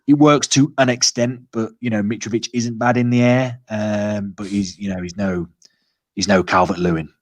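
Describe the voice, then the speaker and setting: A man's voice: fairly low pitch, steady tone, normal speed, no echo. A man hosting a football podcast, chatting casually and hesitantly with many restarts. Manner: hesitant, lots of filler and restarts. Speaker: podcast host.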